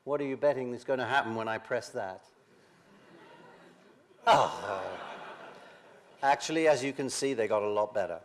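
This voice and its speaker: An older man giving a science lecture, halting, with many pauses and restarts. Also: medium pitch. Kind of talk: academic lecture.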